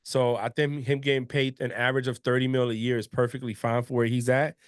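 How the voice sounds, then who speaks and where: A man's voice: mid-range voice, a little fast, clean tone, no echo. Male podcast host, easygoing talk with restarts, dry sound. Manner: relaxed, conversational, trailing restarts. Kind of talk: casual sports podcast chat.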